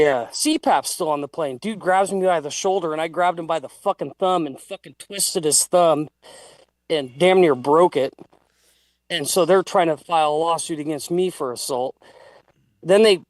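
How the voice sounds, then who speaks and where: A man's voice: fairly high pitch, no room sound. A man telling a heated, profane story in a casual livestream chat. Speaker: guest.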